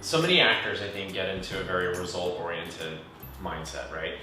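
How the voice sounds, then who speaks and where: A man interviewing a guest, speaking in a reflective, measured way. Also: sits low, sharp tone. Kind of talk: conversational interview. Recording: echoey room heard from a distance, music behind.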